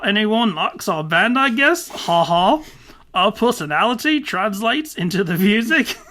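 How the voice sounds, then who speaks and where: A man's voice: sits high, sharp tone, voice pushed up, full character voice. A man doing a goofy mock-Australian interviewer. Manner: bad put-on Australian accent, laughing through it. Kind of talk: reading an interview aloud in an impression.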